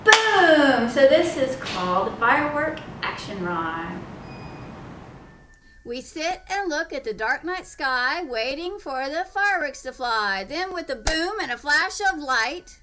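A woman leading a children's storytime, reading aloud in a slow, sing-song, expressive way. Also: high-pitched, a little hiss or hum. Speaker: children's librarian. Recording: echoey room, mic far off.

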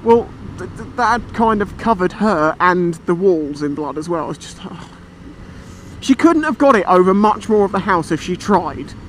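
Faint engine and traffic noise accompany a British motorcycle vlogger as he tells a casual story from his bike outdoors. His fairly high voice moves at a moderate pace, chatty and animated, full of rambling and free swearing.

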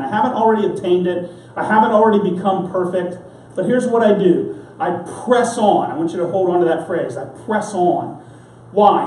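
A man's voice: high voice, a little mellow. A man pastor preaching an earnest, emphatic sermon, telling stories to drive his points home. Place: church sanctuary. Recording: roomy church sound from a distance.

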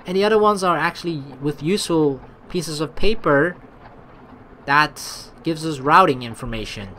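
A let's-play gamer reading game text aloud and reacting excitably with commentary. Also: medium pitch, moderate pace, slight background noise. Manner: excitable, reacts with sudden outbursts.

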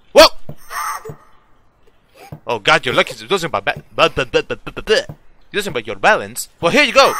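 Jumpy, high-voiced man swearing at a horror game. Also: vocal fry, slight background noise. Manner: jumpy, swearing, yelling at jump scares. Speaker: gaming YouTuber. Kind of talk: horror game let's play commentary.

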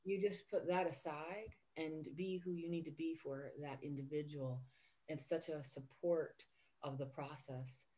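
A woman hosting a podcast, talking earnestly and warmly in a casual interview chat. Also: sits low, fairly even intonation, measured pace, a little hiss or hum. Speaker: podcast host.

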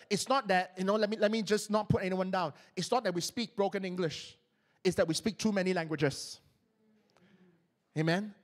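A man with a Malaysian accent preaching a sermon as a pastor, animated and repeating words as he goes. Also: sits high. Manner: animated, repeats words, acts out mock prayers in put-on voices. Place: church stage, live-streamed.

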